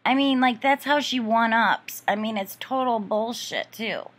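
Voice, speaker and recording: A woman's voice: on the high side, unhurried, a bit bright. A woman vlogger ranting casually about a neighbor, profane, exasperated and rambling with many fillers.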